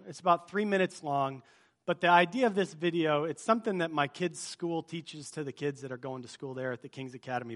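A man's voice: fairly high pitch, fairly bright tone. A man leading a church congregation in a sermon opening, chatty and joking as he quizzes the crowd. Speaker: pastor. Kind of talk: sermon opening with a movie-quote game. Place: church service before a live congregation.

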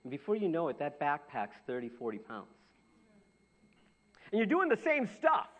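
A pastor with a slightly high voice preaches a sermon at a moderate pace, captured with dull lo-fi sound. He tells stories animatedly, full of restarts and repetition.

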